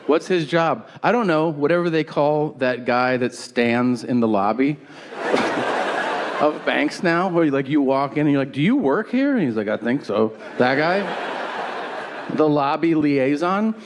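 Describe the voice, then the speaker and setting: A man's voice: a little high, unhurried, pauses often. A man doing a stand-up comedy set, telling a story with acted-out dialogue and crude punchlines. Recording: live venue with audience laughter noise. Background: audience laughter.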